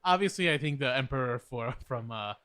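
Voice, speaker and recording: A man with a mid-range voice co-hosting a relaxed podcast. He talks in an animated, joking way, leaning on filler words as he riffs. The recording is dry and close. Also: mid-range voice, a little fast, clean tone, dry recording. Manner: animated, playful, frequent fillers like "like". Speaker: podcast co-host. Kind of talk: casual podcast chat.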